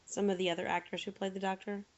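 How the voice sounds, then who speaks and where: A woman's voice: medium pitch, little pitch movement, fast. A young woman co-hosting a podcast, chatting and joking with a lot of "like". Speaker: podcast co-host. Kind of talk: casual chat. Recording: dull lo-fi podcast audio.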